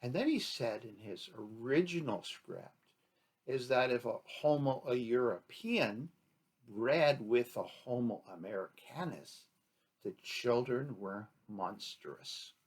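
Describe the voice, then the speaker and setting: A man's voice: mid-range voice, expressive, takes it slowly, breathy edge. A man giving an unscripted talk as a chief, rambling and argumentative, posing rhetorical questions and acting out imagined exchanges. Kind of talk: unscripted spoken commentary.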